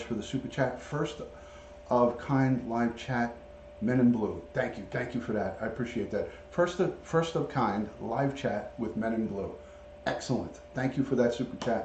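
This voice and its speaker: A retired police detective in middle age livestreams casually from home, showing his pet parrot and greeting viewers by name as he reads the chat. His mellow, relaxed voice sits fairly low, the highs are cut off, and the echoey room has a faint hum of ambience.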